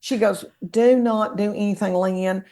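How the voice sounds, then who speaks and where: Speaking at a medium pitch and an unhurried pace, a Southern American woman appears as a guest comedian on a casual podcast. She's an animated, folksy storyteller spinning homespun tales.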